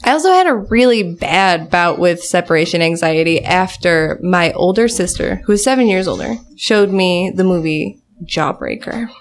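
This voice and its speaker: A woman's voice: lowish voice, animated, normal speed, few pauses. A woman in casual conversation, telling rambling stories, laughing often. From grew up on a farm. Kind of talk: casual chat.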